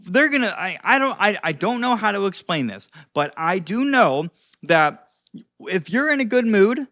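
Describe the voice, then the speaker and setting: Young man, casual advice talk, chatty with fillers and cussing, slightly high voice, dry close sound. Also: very animated, measured pace, a bit bright, no echo. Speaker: social skills video host. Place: seated indoors.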